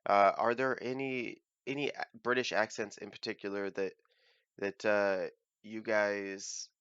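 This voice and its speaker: A man's voice: fairly low pitch, a bit bright, dry recording. American man, casual reaction host, hesitant and chatty, muffled lo-fi mic, dead dry room. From United States. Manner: thinking aloud, with frequent "uh" and restarts. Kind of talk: casual commentary.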